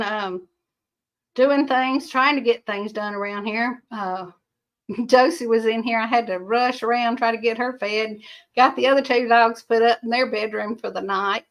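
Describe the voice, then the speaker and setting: A woman's voice: a little high, steady tone, unhurried, pauses often, fairly bright tone. An older woman, hosting a rambling livestream, chatting casually and answering viewer comments in a folksy way. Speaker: livestream host.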